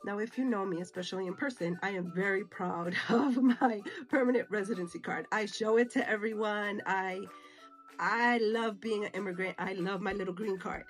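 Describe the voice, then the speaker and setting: A middle-aged woman from the United States recounts a travel mishap in a lively, chatty vlog voice, playing every part of the exchange herself. Her pitch sits in a middling range, and faint music plays underneath. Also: normal speed. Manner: animated, acts out dialogue, mixes Spanish phrases. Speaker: vlogger. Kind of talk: casual storytelling to camera.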